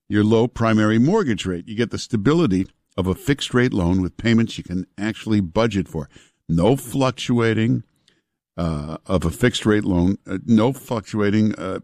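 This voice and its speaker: A man hosting a talk radio show, speaking in a relaxed, chatty way with frequent fillers, on a studio broadcast mic. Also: lowish voice, no room sound. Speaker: fill-in radio talk host. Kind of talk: talk radio banter and ad reads.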